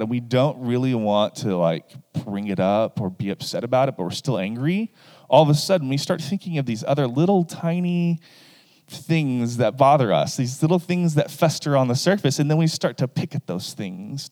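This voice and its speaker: A man's voice: mid-range voice, big-room sound. A man giving a casual Bible lesson, acting out the people in the story with lots of asides to the listeners. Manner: animated, acts out the people in the story. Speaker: preacher.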